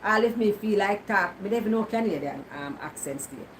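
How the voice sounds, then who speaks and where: A Jamaican woman talks straight to her viewers in relaxed Patois, teasing and answering back to their comments. A faint hiss of noise sits under her voice. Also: mid-range voice, normal speed, low-quality recording. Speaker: vlogger. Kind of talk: casual chat to viewers.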